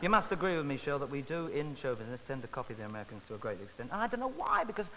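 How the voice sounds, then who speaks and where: A man's voice: medium pitch, lively intonation, very fast, very noisy. Cheeky man, stage patter, lo-fi. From Britain. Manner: cheeky, mock-earnest patter. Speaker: entertainer. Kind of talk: comic stage banter and song. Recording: lo-fi recording, long reverb, music behind.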